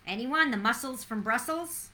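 A woman hosting a casual trivia segment, chatty and excitable, calling on listeners by name. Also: on the high side, moderate pace. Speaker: trivia host.

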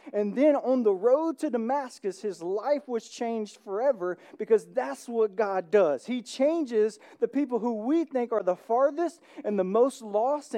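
Mellow, animated church preacher. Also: mid-range voice. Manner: conversational, often checks in with the congregation; grows animated and excited. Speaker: pastor. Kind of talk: sermon.

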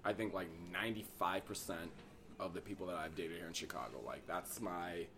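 A man in casual chat, telling his own dating story in a relaxed way. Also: low-pitched, brisk, noisy background. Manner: relaxed, reactive, trades his own stories.

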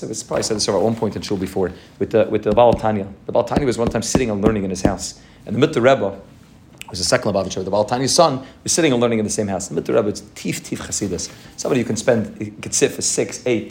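A man's voice: on the low side, darkish tone. A man giving a fervent sermon to his congregation as its rabbi, telling stories and weaving in many Hebrew and Yiddish terms. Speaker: rabbi of a synagogue.

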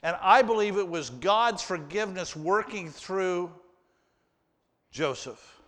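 A pastor delivers his sermon at an unhurried pace, turning to the congregation as he works through the verses. His voice sits a little high for a man and carries earnestly. The sound rings with the long reverb of a large hall. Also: animated, a bit bright. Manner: earnest, addressing the congregation directly. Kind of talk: sermon reading and explaining scripture.

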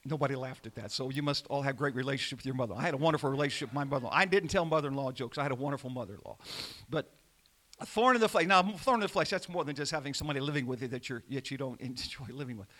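A man preaching a sermon, calling out to the congregation and swinging between loud emphasis and quiet asides. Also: medium pitch, rapid-fire. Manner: animated preaching with call-and-response. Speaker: pastor.

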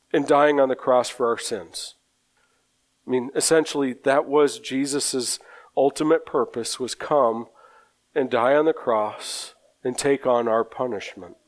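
A male preacher delivering a sermon at an unhurried pace. His voice sits a little high for a man. He speaks earnestly and often repeats a word before going on. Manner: slow, earnest, with frequent repeated words.

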